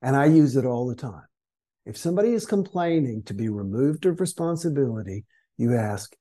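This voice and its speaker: A man's voice: mid-range voice, lively intonation, a little fast, dark tone. A man who is a guest on a podcast interview, telling stories and acting out the voices of the people in them. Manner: storytelling that acts out quoted complainers. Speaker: guest author.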